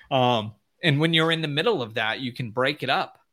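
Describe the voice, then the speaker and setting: Blunt and emphatic, this spiritual teacher delivers an off-the-cuff motivational talk, often imitating whiny voices up high. He sounds animated and pushed and bright, moving at a normal speed.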